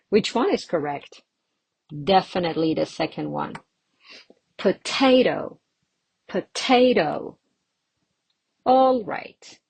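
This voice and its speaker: Woman pronunciation teacher, unhurried and a little husky, casual lesson style, close dry sound. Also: on the low side, lively intonation, a little mellow, no room sound. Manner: slow, drawn-out demonstration of words, with light laughs.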